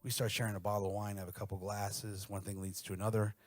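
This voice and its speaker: A man's voice: on the low side, flat delivery, fast. A man doing a crude, conversational stand-up set on a radio show, later chatting casually as the guest. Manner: crude, conversational storytelling with acted-out quotes. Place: radio studio.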